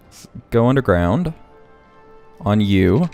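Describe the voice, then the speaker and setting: A man's voice: lowish voice, expressive, faint music behind. A young man hosting a casual city-building gameplay video, thinking aloud as he works. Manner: slow, thinking aloud, hiccuping. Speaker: let's play host.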